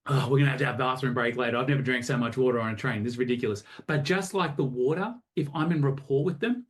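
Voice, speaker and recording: A man coaching a group over a video call, energetic and acting out both sides of conversations. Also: mid-range voice. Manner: energetic, animated, acts out both sides of chats. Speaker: sales coach.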